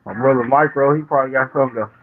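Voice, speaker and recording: A man calmly explaining garden crops as a guest in a casual chat. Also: mid-range voice, rapid-fire, over a noisy crowd. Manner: steady, explanatory. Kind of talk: casual advice. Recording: dry, tinny phone line.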